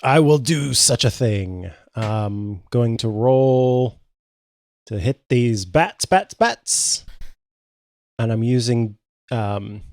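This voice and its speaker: A man playing in a tabletop game, deadpan and a little halting. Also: mid-range voice, dry recording, studio quality. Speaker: player.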